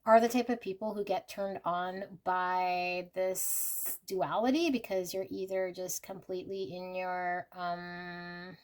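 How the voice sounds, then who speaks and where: A woman's voice: fairly low pitch, steady tone, slow, few pauses. A woman giving a casual, unscripted pick-a-card tarot reading, speaking directly to the viewer and often hedging with "I feel like.". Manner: warm and reassuring, addressing the viewer directly. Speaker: tarot reader.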